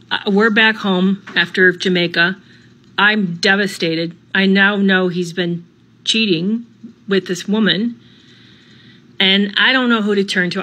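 A middle-aged woman narrating a personal story in an earnest, halting way, often restarting and repeating herself. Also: medium pitch, a bit bright, a little hiss or hum, poor audio.

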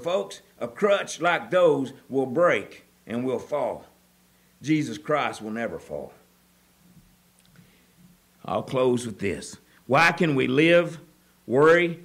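A middle-aged pastor from preaching a sermon, moving from quiet storytelling to loud, urgent appeals. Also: male voice, mid-range voice, vocal fry.

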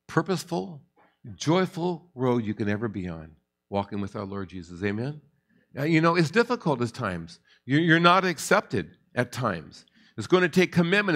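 A man's voice: mid-range voice, a bit bright. A middle-aged man, a pastor, teaching a Bible study in a conversational way, often repeating words and building to emphatic points.

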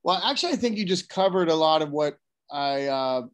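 A man's voice: on the high side, animated, a little fast. A man taking part in an online study group, speaking hesitantly with restarts. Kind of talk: casual online discussion. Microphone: video call.

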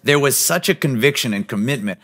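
A man preaching a sermon as pastor, earnest and emphatic, sometimes dropping to a soft, low voice. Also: expressive, a little fast. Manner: drops to a soft, low voice on key points.

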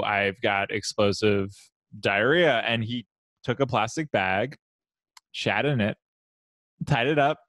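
A man's voice: mid-range voice, no room sound. A young man co-hosting a podcast, telling stories in a laid-back, casual way with laughter. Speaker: podcast co-host. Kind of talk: casual chat.

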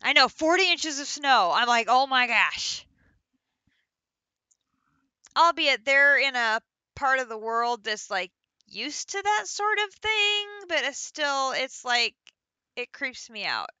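A woman streaming gameplay, talking to herself as she works through tasks. Her voice is bright, smooth and fairly high, with a lively, swooping pitch. The sound is close and dry. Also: unhurried, no echo. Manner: chatty, talks to herself while counting and placing items. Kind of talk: live gameplay commentary.

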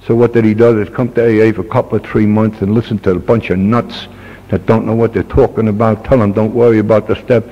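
A man's voice: on the low side, level tone, fast talker. A plain-spoken older man addresses a meeting, earnest and folksy, his words carrying a long reverb through a hall. The sound is dull and muffled, like an old tape converted to digital. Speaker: recovery meeting speaker. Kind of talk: personal talk to a meeting.

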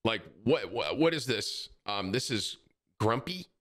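A man's voice: lowish voice, animated, measured pace. A man in his thirties chatting casually and jokingly to his live-stream audience, dropping "bro" often. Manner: loud, joking, says bro a lot.

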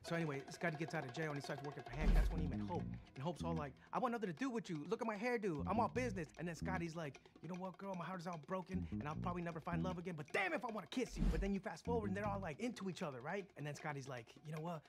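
An actor playing a chatty, excitable man who rambles through a long story in a film comedy. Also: fairly high pitch, racing, hardly any pauses, natural voice. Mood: rambling. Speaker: rambling storyteller under interrogation. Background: film score music.

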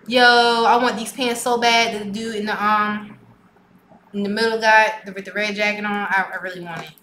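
A woman's voice: mid-range voice, level tone, normal speed, background noise. A woman hosting a music video reaction, chatting casually and exclaiming back at the screen. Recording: roomy echo with music playing.

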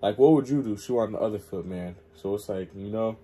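A man's voice: fairly low pitch, fairly quick, mellow, husky. A man hosting a reaction video, commenting emphatically in slang.

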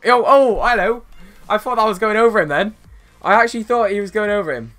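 A young man streaming a football game, chatting casually with viewers and reacting to plays with bursts of excitement. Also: high voice, quick pace, soft background music. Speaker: gaming streamer. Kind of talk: casual live-stream chat while playing.

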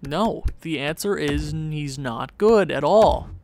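A man giving casual commentary on a sports video game, animated, talking to himself and often jumping into a high, squeaky voice. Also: slow pace, no room sound. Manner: animated, jumps into high squeaky voice when excited or pleading; talks to himself, muttering low. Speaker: gaming YouTuber.

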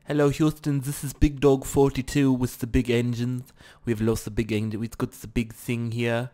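A man's voice: medium pitch, little pitch movement, moderate pace, dark tone, natural voice. A man voicing a boastful male pilot calling in over the radio in a put-on mock accent.

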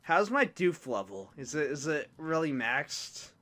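A man's voice: fairly high pitch, very animated, a little slow, sharp tone. A young man giving casual, rambling, self-mocking commentary while playing a video game. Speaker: let's play host.

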